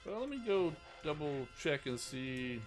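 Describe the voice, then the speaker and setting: A man's voice: on the high side, sing-song, a little slow, faint music behind. Rambling man on a live stream. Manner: rambling, with many restarts. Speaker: stream host. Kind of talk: casual live-stream chat.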